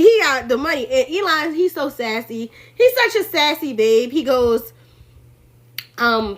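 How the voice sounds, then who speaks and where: A high-voiced woman in her thirties riffs on politics in a loose, chatty monologue. She keeps it lively, slipping into mock voices to act out what others said and laughing along the way. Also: moderate pace. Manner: animated, acts out quotes in put-on voices, laughs often. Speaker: political commentary host. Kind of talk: casual opinion monologue.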